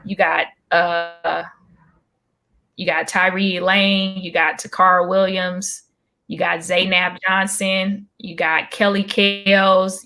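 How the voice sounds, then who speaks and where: A young woman stand-up comedian telling a story in casual chat, acting out the people in it. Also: fairly low pitch. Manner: animated, acts out voices when retelling a story.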